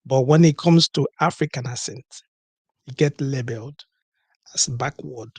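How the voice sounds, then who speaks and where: A man's voice: medium pitch, measured pace, husky, dry recording. A man hosting a call-in talk show, talking emphatically, repeating key words and asking rhetorical questions. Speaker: podcast host.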